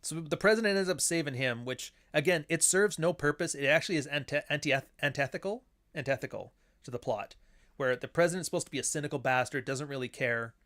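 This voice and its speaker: An author and host riffs casually on old films in a fairly high, slightly bright voice, talking fast. He rambles, swears freely and acts out lines he quotes.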